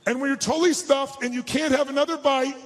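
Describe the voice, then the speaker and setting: A man giving a high-energy motivational seminar to a live crowd in a large hall. He barks instructions, quizzes the audience and swears bluntly. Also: fairly even intonation, fast talker. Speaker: motivational speaker.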